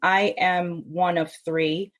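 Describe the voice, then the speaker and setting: Animated woman, low voice, lively storyteller. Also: takes it slowly. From United States. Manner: animated, mimics others' voices in quotes. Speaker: guest. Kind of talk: casual podcast interview.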